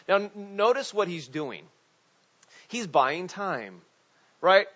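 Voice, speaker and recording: Animated man preaching a casual sermon. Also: fairly high pitch, measured pace. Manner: conversational, animated, many restarts and asides. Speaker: pastor. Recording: dull lo-fi recording.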